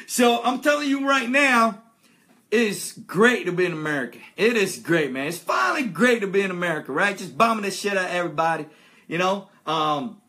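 A man hosting a political video rant, loud and excitable, often shouting and laughing as he talks. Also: sits high, normal speed. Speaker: video host.

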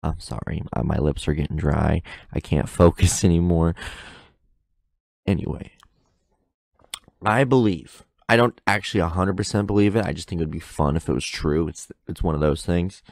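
A man's voice: sits low, normal speed, gravelly, darkish tone, no room sound. A young man rambling through a solo podcast at home on a close mic, interrupting himself and swearing casually. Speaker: podcast host. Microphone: close microphone in front of face.

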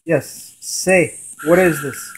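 Man questioning a spirit box, high-pitched. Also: slow, a little hiss or hum. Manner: asks short questions and repeats the answers he hears. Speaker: paranormal investigator. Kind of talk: running a spirit box session on camera.

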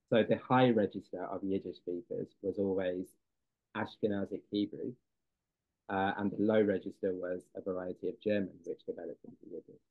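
Guy teaching a class, kinda low voice, lots of uh and um, asks the room if they get it, sounds dry and thin. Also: dry recording. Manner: explanatory, checks in with the audience, many fillers. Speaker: lecturer. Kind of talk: classroom lecture. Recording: dry, tinny phone-like sound.

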